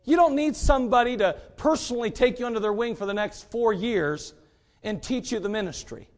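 A man's voice: very high voice, a little fast. A middle-aged man, a pastor, preaching emphatically and telling a story. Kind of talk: sermon.

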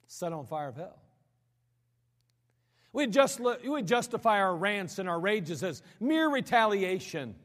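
Male preacher, high-pitched, dramatic sermon delivery with repeated words, long reverberant hall. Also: sing-song, a little slow, pauses often. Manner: dramatic preaching, sudden drops to low quiet lines; repeats words when building a point.

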